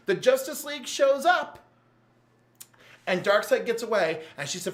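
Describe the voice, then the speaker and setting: A man with a notably high speaking voice co-hosts a laid-back chat. He gushes and jumps around in pitch as he recaps plots. His energy swings between hushed and loud. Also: normal speed. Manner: animated and gushing. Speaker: podcast co-host. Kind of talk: casual chat.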